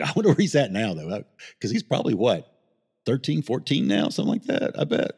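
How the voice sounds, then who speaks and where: A husky, fairly low-voiced middle-aged man rattles off a story at speed, rambling and swearing as he goes. The sound carries a long reverb tail, as if recorded in a large room. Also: big pitch swings, a little mellow. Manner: fast, rambling, swears freely, emotional. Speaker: paramedic guest. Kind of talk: casual storytelling interview.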